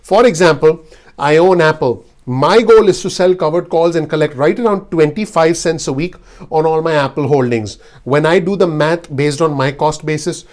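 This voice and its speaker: A man's voice: on the high side, a little mellow. A man giving blunt, earnest investing advice straight to his video audience. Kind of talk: direct-to-camera advice talk.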